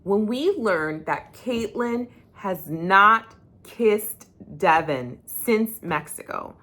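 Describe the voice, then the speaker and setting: A woman's voice: medium pitch, expressive, very slow, a bit bright. A young woman recapping a reality show, talking bluntly and heatedly and swearing freely. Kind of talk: casual opinionated commentary.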